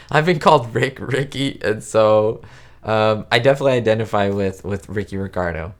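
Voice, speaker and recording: A man's voice: on the low side, normal speed. A man hosting a casual live stream, chatting with viewers and answering their questions in a rambling way, with lots of fillers and restarts. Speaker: YouTube host answering live chat. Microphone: webcam setup at home.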